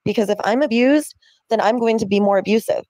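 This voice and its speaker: Woman, firm, measured, lecturing, dry close sound. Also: medium pitch, warm tone, no echo. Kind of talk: calm therapy-speak argument.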